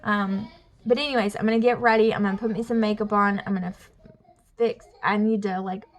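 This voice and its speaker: A woman's voice: mid-range voice, steady tone, fairly quick, slight background noise. A young woman with a Southern Alabama accent, chatting casually to her vlog camera at home with lots of fillers. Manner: chatty, rambling, says y'all and like a lot. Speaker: family vlogger. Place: home, near kids in the bath.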